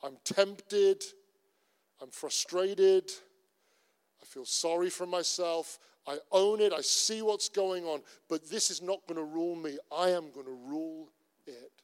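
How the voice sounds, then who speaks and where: In a church hall with long reverb, a middle-aged pastor from Cornwall preaches a sermon in his Cornish English accent. His voice is fairly high, clear and resonant, and he speaks unhurriedly. His delivery is earnest and conversational, full of repetition.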